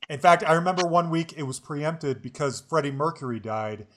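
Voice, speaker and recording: A man's voice: fairly high pitch, animated, normal speed, a bit bright. A man in his forties hosting a podcast, chatting in a rambling way and laughing easily. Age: 40s. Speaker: podcast host. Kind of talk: casual chat.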